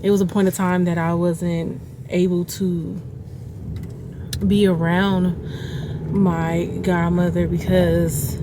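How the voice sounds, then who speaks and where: A woman's voice: lowish voice, flat delivery, slow. Candid woman vlogging from a moving car. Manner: emotional, candid, rambling with fillers. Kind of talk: casual vlog talk. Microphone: handheld camera. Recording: loud road noise inside a car.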